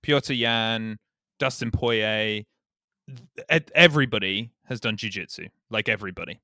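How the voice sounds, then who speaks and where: Male co-host, low pitch with a bright tone, rambling and sweary, dry mic. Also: moderate pace, dry recording. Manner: rambling, swears, restarts, laughs easily. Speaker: podcast co-host. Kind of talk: casual chat.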